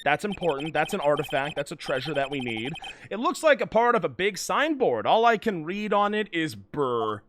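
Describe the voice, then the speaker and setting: A man playing a story game on stream and cracking sarcastic jokes between the lines. His pitch rises and falls in a lively way. A faint hiss sits behind his voice. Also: normal speed. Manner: sarcastic, jokey asides. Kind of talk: let's play commentary.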